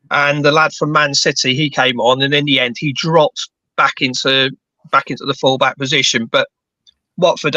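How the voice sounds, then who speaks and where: A man with a London and Bedfordshire accent gives his take on last week's match in a bright, slightly high voice. He talks casually and often repeats words as he gets going. The audio is dry and a little dull. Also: no echo. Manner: chatty, repeats words when starting sentences. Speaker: football fan panelist. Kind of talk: casual chat.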